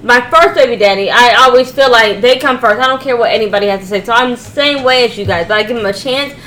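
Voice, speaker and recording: A woman's voice: fairly high pitch, fast, fairly bright tone, a little hiss or hum, poor audio. A woman in a casual group talk, speaking emphatically and insisting on her point. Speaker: podcast co-host.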